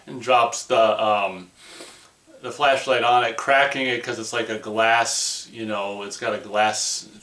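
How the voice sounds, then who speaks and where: A man reviewing a movie in a casual, rambling way, excitable and full of "like" and "you know". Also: lowish voice, a little slow, roomy sound.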